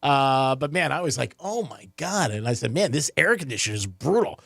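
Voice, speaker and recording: Man, middle-aged, radio host, rambling storyteller, fast, very lively pitch. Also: vocal fry, slightly rough, no room sound, studio quality. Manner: rambling, animated storyteller, laughs often. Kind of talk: casual radio banter.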